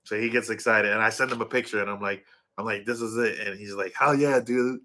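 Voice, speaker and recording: A man's voice: lowish voice, level tone, fast, pushed and bright. A middle-aged man chatting casually to viewers, rambling and correcting himself as he goes. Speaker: vlogger.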